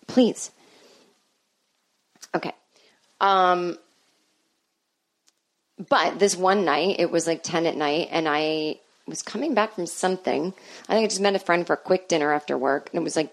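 Brief: woman comedian in her 40s, rambling and self-deprecating, with a lowish voice. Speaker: podcast host, comedian. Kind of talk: casual comedic monologue.

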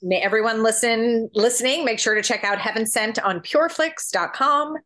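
A woman's voice: on the high side, normal speed, a bit bright. A woman hosting a podcast, thanking her guest graciously and closing the episode. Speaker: podcast host. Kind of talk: interview wrap-up.

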